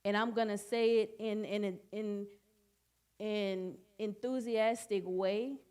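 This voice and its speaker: Woman, church study speaker, earnest testimony that repeats key phrases, mid-range pitch. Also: steady tone, slow, darkish tone, smooth. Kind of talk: personal testimony talk.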